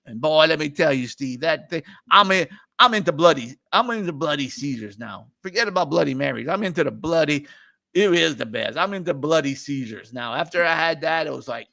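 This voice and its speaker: Middle-aged New man, loose rambling host, a touch high-pitched, dry close sound. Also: animated, fairly quick, gravelly, sharp tone, no echo. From New Orleans area. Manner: rambling, chatty, laughs often. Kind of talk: casual livestream chat.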